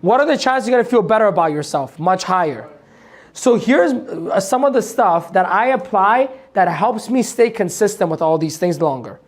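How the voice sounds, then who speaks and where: Speaking at a moderate pace in a high, animated voice, this man delivers a live motivational training. He swears offhandedly, talks bluntly, chuckles at his own points and peppers the audience with rhetorical questions.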